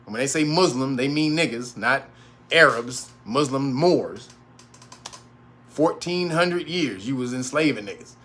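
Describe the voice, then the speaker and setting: A man's voice: medium pitch, animated, a little slow, a bit bright, a little hiss or hum. A man hosting a casual livestream monologue, rambling and profane, laughing often between remarks. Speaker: host.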